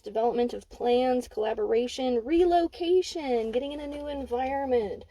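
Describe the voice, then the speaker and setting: Candid woman reading cards, mellow voice. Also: a little high, no room sound, low-quality recording. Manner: candid, swears freely, emphatic. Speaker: intuitive card reader. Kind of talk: casual spoken card reading. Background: dog barking.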